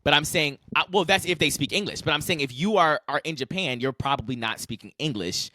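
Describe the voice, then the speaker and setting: A young man co-hosting a casual podcast chat, animated and opinionated, rambling through his points. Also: a little high, a little fast, no echo, studio quality. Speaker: podcast co-host.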